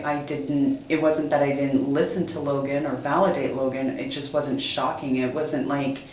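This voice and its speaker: A woman being interviewed as a mother, giving a halting personal account with many pauses and fillers. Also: sits low, echoey room, a little hiss or hum, poor audio.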